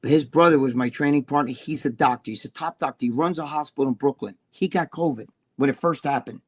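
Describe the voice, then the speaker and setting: A man's voice: mid-range voice, fast, slightly rough. A man chatting as a livestream guest, telling rambling stories and swearing freely. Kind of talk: casual livestream chat.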